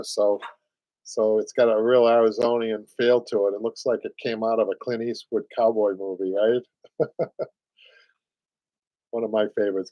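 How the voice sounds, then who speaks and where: A man's voice: lowish voice, warm tone, no echo. Boston guy in his 60s rambling on a live craft show, dry mic. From Boston area, USA. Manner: chatty, rambling, repeats words, laughs often. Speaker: upholstery show host. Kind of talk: casual livestream chat.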